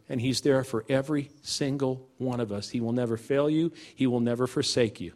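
A man's voice: medium pitch, fairly even intonation, brisk, few pauses, a little mellow. A man giving an earnest, emotional personal testimony at a church service, then introducing the next speakers.

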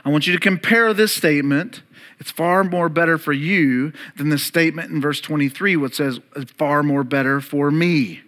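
A man in his thirties delivers a sermon as a pastor, with a bright, forceful tone that sits a little high for a man. He swings from loud, climbing emphasis to quiet, low passages and gets the congregation to repeat words back to him. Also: moderate pace. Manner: emphatic, climbs louder and higher, then drops to soft and low.

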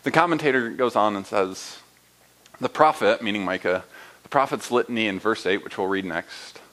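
A man's voice: on the low side, moderate pace, a bit bright, rough recording. A young adult man preaching a sermon in a conversational way, often asking listeners rhetorical questions and checking in with "right?". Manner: uses fillers and "right?" often. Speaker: pastor.

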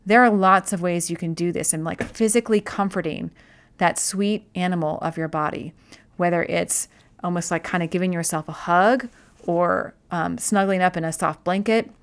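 A woman's voice: lowish voice, moderate pace. A woman speaking as a wellness host in a casual explanatory talk, conversational, often restarting and repeating words.

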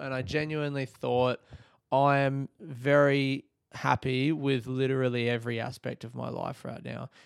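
A man's voice: mid-range voice, creaky, smooth, dry recording, clean studio sound. A young Australian man hosting his own podcast, chatting casually in a rambling, laid-back way with plenty of swearing. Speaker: podcast host. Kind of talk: casual solo podcast chat.

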